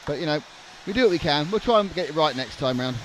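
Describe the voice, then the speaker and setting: A man's voice: on the high side, expressive, fast, a bit bright. Joking male race commentator, noisy track. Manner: joking, rambling, stammers into restarts.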